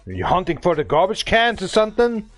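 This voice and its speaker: Man, German accent, angry profane game-stream rant, high pitch, dry close sound. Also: huge pitch swings, fast talker, fairly bright tone, no echo, soft background music. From Bavaria, Germany. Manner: profane, insulting, ranting. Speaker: gaming livestreamer.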